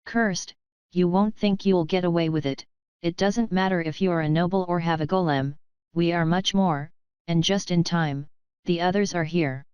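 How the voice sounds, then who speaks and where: Rough, hostile bandit riders who taunt and threaten with crude words, as a woman reads them. The tone stays very clear and smooth, a bit low, in a dry, close recording. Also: moderate pace, a little mellow, dry recording, highs cut off, lightly acted.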